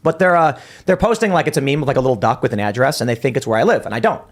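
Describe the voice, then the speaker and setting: Male livestream host, casual, rambling storyteller, mid-pitched. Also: expressive, racing. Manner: rambling, storytelling with many restarts and fillers. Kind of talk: casual chat.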